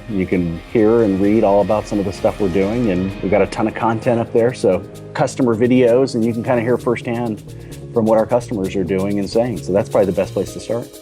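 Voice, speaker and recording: A man's voice: on the low side, dark tone. A middle-aged man, a company executive guest in a casual interview, chatty and often tagging on "you know" and "right?".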